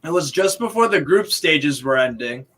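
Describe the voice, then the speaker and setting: A man's voice: a little high, animated, normal speed, fairly bright tone. A man in casual chat, eagerly laying out football details. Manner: eager, detailed football talk, restarts words.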